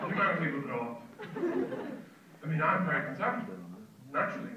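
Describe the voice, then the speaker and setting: A man's voice: sits high, sing-song, a little slow, lo-fi sound. Older male comic in an echoey live room. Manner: rambling, wry, exaggerated delivery. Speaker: stand-up comedian. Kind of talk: stand-up comedy set. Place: comedy stage before a live audience. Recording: live club recording, roomy, distant mic, loud audience. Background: loud crowd laughter and noise.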